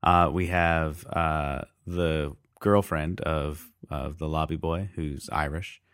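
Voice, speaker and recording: Very deep-voiced man, dry close sound. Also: level tone, slow pace, fairly bright tone, clear, resonant tone, no room sound. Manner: rambling, hesitant with many fillers. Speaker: podcast co-host. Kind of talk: casual film discussion.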